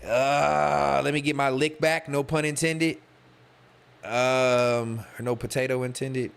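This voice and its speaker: A man's voice: medium pitch, fairly even intonation, slow pace, vocal fry, clear, resonant tone. A young man hosting a livestream, riffing loosely and profanely and talking straight to his chat. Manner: loose, slangy and profane, talks to chat directly. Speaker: podcast host streaming live. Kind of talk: casual livestream monologue, reading chat.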